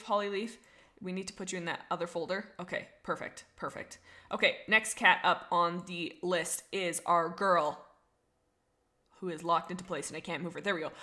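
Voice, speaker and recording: Chatty young woman streaming live. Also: on the low side. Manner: chatty, reads chat messages aloud, thinks out loud. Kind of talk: casual livestream chat.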